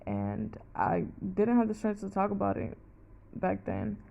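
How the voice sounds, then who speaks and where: A woman's voice: mid-range voice, very animated, a little slow, gravelly, warm tone, dull audio. A young woman telling a personal story casually, rambling, with many "like"s and plenty of swearing. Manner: rambling, fillers of "like", heavy swearing.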